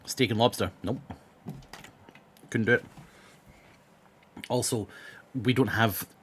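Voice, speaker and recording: A man's voice: mid-range voice, slow, fairly bright tone, a little hiss or hum. A young man streaming live and chatting with his viewers. He is blunt, rambles, swears freely and has a sore throat. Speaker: live streamer reading chat. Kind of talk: casual live-stream chat.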